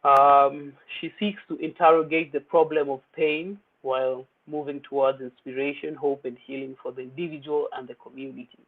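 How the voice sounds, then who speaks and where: A man's voice: fairly high pitch, little pitch movement, moderate pace, few pauses. A man hosting a poetry open mic, introducing the featured poets in a casual, hyped way with many fillers. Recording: tinny phone-like audio.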